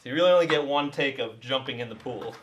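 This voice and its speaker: A man's voice: medium pitch, fast talker, distant mic, highs cut off, noisy background. A man teaching a dance step while demonstrating it, out of breath, encouraging and laughing often as he counts the beats. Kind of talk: casual tutorial while demonstrating steps.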